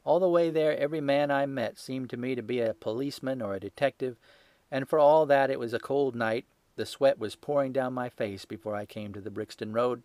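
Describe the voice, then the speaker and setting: A man voicing a terrified young male hotel thief who pleads desperately with a shrill, high voice. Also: a little fast, a little mellow, no room sound, lightly acted. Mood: anxious confessing.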